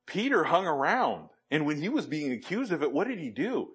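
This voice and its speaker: In a brisk, sing-song manner, a man preaches with emphasis, quoting scripture and asking the congregation questions. His voice is a little high, a bit bright, and husky.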